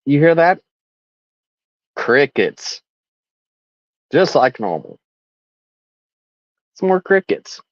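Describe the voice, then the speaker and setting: Sarcastic livestream host, slow delivery. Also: medium pitch, big pitch swings, dry recording, highs cut off. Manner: sarcastic, mocking. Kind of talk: casual livestream rant.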